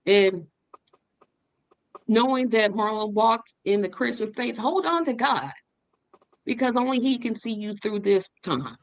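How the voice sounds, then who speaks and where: A woman's voice: fairly high pitch, expressive, a little slow, long pauses, dry recording, poor audio. A woman giving an earnest, faith-filled memorial tribute over a video call, with a touch of humor. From living in Indianapolis. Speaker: memorial speaker.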